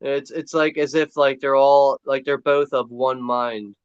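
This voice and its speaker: A man's voice: medium pitch, steady tone, unhurried, smooth, dry recording. A man in a casual movie commentary, laid-back, peppering his talk with "like" and laughing easily. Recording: dry dull lo-fi sound.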